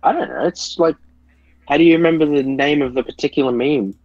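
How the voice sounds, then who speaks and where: A man's voice: a little high, brisk, no echo. A man chatting casually as a podcast guest, laid-back and full of "like" fillers. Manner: laid-back, hedging with lots of "like". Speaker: guest, YouTube reviewer. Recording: dull, slightly lo-fi sound.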